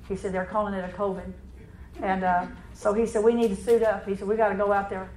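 A woman preaching a charismatic sermon in fast, run-on talk, clearing her throat and restarting often. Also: medium pitch, flat delivery, a little mellow, reverberant, a little hiss or hum, low-quality recording.

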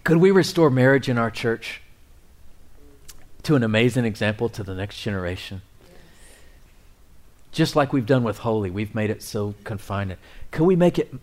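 A middle-aged man preaching a sermon, swinging between loud, excited appeals and quiet, near-whispered asides. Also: medium pitch, moderate pace, pauses often. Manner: animated preaching, rising and dropping to near whispers. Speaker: pastor.

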